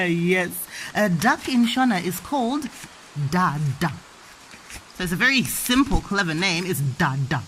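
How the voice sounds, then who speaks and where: A woman playing pretend with her child, teaching animal names in an animated, playful sing-song way. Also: fairly low pitch, slow, slight background noise.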